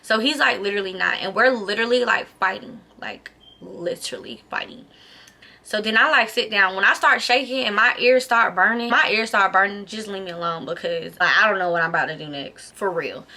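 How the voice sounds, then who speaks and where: A woman's voice: medium pitch, brisk. A young woman vlogging a storytime, casual and profane, filling her talk with "like". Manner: casual, profane, animated retelling with filler "like". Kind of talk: storytime vlog.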